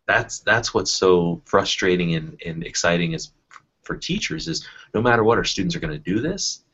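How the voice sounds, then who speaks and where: A man with a very low, husky voice talks things through slowly, full of fillers and small restarts. The sound is dull and lo-fi, like an online call. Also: animated, a bit bright. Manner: thoughtful, many fillers and restarts. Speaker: educator in a panel discussion. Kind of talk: casual discussion.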